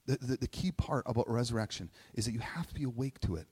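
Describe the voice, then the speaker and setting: A pastor preaches a conversational sermon in a fast, dark, husky mid-range voice, at times emotional and close to tears. He keeps asking "right?", and the recording carries a long hall reverb.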